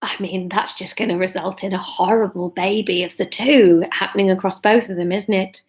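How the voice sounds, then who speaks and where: A woman in her thirties live-streaming a reading of her own novel from her living room, self-mocking and quick to laugh at herself. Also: medium pitch, fairly even intonation.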